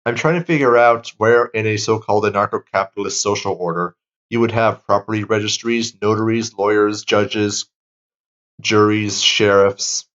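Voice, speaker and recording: A laid-back man co-hosting a political commentary stream, speaking with plenty of fillers. His voice sits low and comes through a dull, lo-fi mic. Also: steady tone, moderate pace, fairly bright tone. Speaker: co-host.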